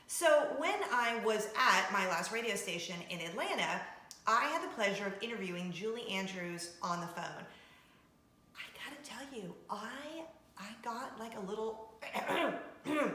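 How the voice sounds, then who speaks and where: A woman's voice: a little high, sharp tone. A woman hosting her own video show in a casual, upbeat chat to camera, laughing often, recorded in her home kitchen. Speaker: vlog host, former radio host. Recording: roomy echo.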